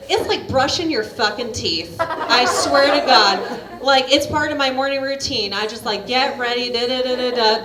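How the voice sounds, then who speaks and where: A woman's voice: a little high, background noise. A woman doing a stand-up comedy set, talking in a brash, chatty, profane way and laughing at her own jokes. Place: comedy venue at a coffee shop. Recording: roomy live stage recording with crowd. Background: audience laughter.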